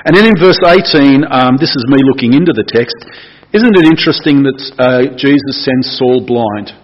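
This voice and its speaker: Aussie guy preaching casual to a church crowd, kinda breathy, muffled sound. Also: medium pitch, expressive, normal speed. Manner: chatty and playful, asks the room questions. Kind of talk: casual sermon.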